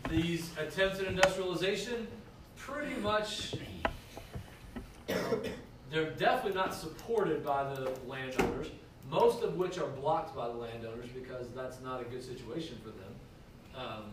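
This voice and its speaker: A man's voice: a little high, far from the mic, noisy background. Man lecturing in an echoey classroom. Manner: conversational, checks in with students. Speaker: history teacher.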